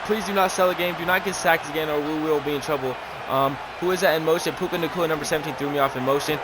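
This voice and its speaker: A young man calling his own football video game, nervous and excited, swearing and saying "man" and "bro" a lot. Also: on the high side, fast, very noisy. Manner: hyped, anxious play-by-play, swears, says "man" and "bro" a lot. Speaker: gaming YouTuber. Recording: game music playing loud underneath. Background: video game music.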